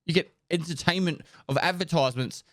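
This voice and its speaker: A man streaming live, casually chatting and rattling off viewer names and thanks in quick bursts, loose and joking with the odd swear, into a close desk microphone. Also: on the high side, fairly bright tone, no room sound. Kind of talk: casual live-stream chat, reading out subscriber thank-yous.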